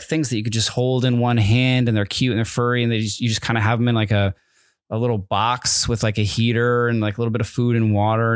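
A man's voice: medium pitch, smooth, dry recording, studio quality. Rambling, wry man chatting on a podcast. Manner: rambling, hesitant, many fillers and restarts; wry, amused asides. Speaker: podcast co-host. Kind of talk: casual chat.

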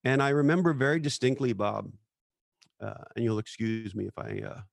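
Gravelly-voiced man telling earnest stories. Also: medium pitch, moderate pace, no echo. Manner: earnest, reflective storytelling. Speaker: podcast guest. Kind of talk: casual chat.

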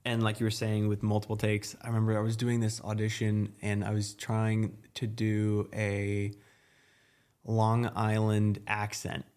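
A man's voice: on the low side, monotone, measured pace, darkish tone, clear, resonant tone. A young man who works as an actor, talking as a guest in a casual interview, easygoing and hesitant, with many uh's.

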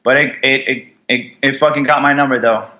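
A young man, a Marine veteran, telling his story bluntly in an interview, with heavy swearing and halting restarts. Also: mid-range voice, fairly even intonation, lo-fi sound.

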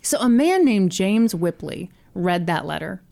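A woman's voice: medium pitch, lively intonation, a little slow, vocal fry, mellow. A woman hosting a podcast, telling a story in a casual, jokey way with casual swearing.

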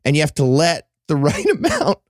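A man co-hosting a comedy podcast, animated and laughing as he talks. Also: a little high, moderate pace, dry recording, clean studio sound. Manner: animated, laughs while talking. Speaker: podcast co-host. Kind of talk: casual comedy podcast chat.

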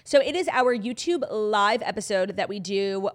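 A young woman co-hosting a podcast in easy chat. She gushes over what she has watched, swears freely and laughs often. Her voice sits at an ordinary middle pitch. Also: normal speed. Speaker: podcast co-host. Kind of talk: casual chat.

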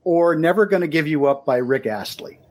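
A male podcast host with a somewhat high voice. He reads out set questions in a relaxed way and slips in dry, teasing jokes at his guest. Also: brisk. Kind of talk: casual interview.

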